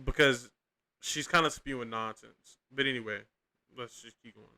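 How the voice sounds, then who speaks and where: A man's voice: medium pitch, moderate pace, pushed and bright. A young man hosting a podcast, giving casual, profane, rambling reaction commentary with lots of slang and restarts. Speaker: podcast host reacting to clips.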